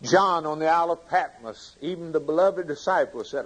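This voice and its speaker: A man preaching a sermon with fervent delivery, swinging from loud emphasis to hushed lines. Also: a little high, normal speed, poor audio.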